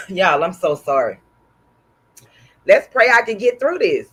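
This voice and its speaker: A woman's voice: mid-range voice, very animated, slow, fairly bright tone, husky. A woman with a Texas accent and a sore throat, hosting a casual embroidery livestream and chatting with viewers by name.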